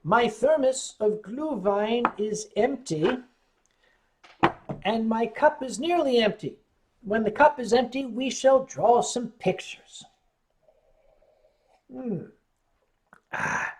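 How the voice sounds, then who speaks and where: A man's voice: very high voice, slow, long pauses, a little hiss or hum. An American man hosting a casual livestream, telling rambling stories with frequent stammered restarts. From United States. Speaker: livestream host.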